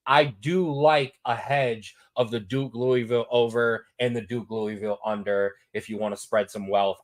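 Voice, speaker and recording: A man hosting a sports talk show, giving his betting picks in a lively, repetitive, hyped-up way. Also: mid-range voice. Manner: animated, repetitive, hypes picks.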